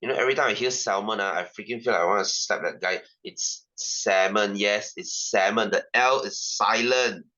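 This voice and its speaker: A male science tutor with a Singaporean English accent, teaching a class. His voice is low-pitched yet bright and forceful, and he keeps repeating points and asking rhetorical questions. The sound is somewhat dull and lo-fi. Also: fast talker, hardly any pauses. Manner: repetitive, rhetorical questions, ranting asides.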